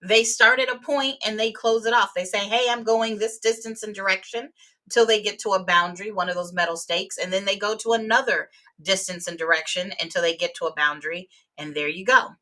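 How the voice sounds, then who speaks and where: A woman's voice: medium pitch, a little fast, sharp tone. A woman teaching real estate exam vocabulary in a live webinar, explaining terms with everyday examples.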